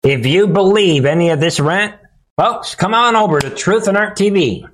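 A man hosting live political commentary with a mocking, combative tone. His pitch swings widely as he ridicules what he hears. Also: lively intonation, moderate pace, a bit bright, slight background noise.

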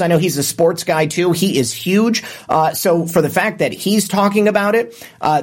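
A man hosting a livestream, reading viewer comments and commenting casually, often restarting with fillers. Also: on the high side. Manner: hesitant, many filler restarts. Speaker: livestream host.

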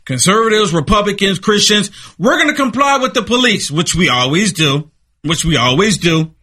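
A man's voice: high-pitched, expressive, moderate pace, sharp tone, no echo, studio quality. A man giving impassioned political commentary in an emphatic, repetitive, preaching way.

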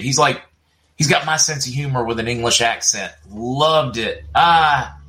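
Middle aged guy hosting a livestream, chatty, laughs a lot, pretty bright voice. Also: medium pitch, unhurried. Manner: chatty, reads viewer comments aloud, laughs often. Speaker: livestream host. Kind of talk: casual livestream chat, reading viewer comments.

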